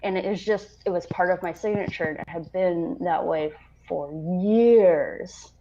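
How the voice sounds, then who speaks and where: Slow, laughing woman telling war stories. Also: lowish voice, dark tone, dull audio. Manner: laughing, swearing anecdote-teller. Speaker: veteran podcast co-host. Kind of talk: casual storytelling chat.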